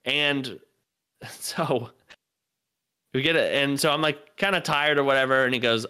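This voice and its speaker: Young male comedian from North Carolina, podcast co-host, profane rambling storyteller, clean bright voice. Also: medium pitch, measured pace, clear, resonant tone. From North Carolina, USA. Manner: rambling, profane, lots of filler words. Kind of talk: casual storytelling.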